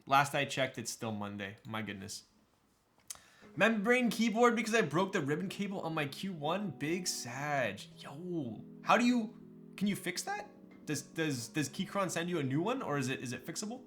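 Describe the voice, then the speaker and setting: A man's voice: on the high side, very animated, moderate pace, fairly bright tone, faint music behind. A man chatting casually on a live stream, hyped up, thanking viewers and laughing often while building a keyboard.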